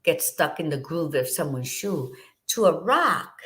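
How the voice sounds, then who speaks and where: On the podcast she co-hosts, a middle-aged, low-voiced woman speaks unhurriedly in a sing-song, slightly bright way. Her casual, motivational talk is heartfelt and full of conviction, and she curses without holding back.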